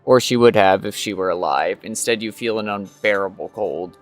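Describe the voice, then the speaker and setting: Low-voiced man reading a game quest. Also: normal speed, faint music behind. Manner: reads second-person story text, with hesitant fillers. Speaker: streamer.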